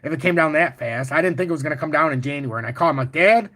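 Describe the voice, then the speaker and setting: A man hosting a casual crypto livestream, walking through charts and chatting with viewers in a boastful, profane, animated way. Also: on the high side, racing. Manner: boastful and confident. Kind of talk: casual livestream chart talk, answering chat.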